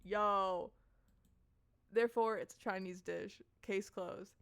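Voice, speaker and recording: A woman's voice: medium pitch, steady tone, takes it slowly, fairly bright tone, clean tone, no echo. A woman voicing a flippant, carefree woman who spends her time at a casino, in a dating game. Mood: smug.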